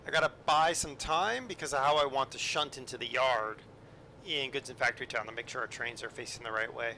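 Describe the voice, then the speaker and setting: A man's voice: medium pitch, fairly quick, bright, forceful tone, slight background noise. A man streaming a train game, chatting casually and joking with his viewers, with lots of ums and asides. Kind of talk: casual live-stream commentary.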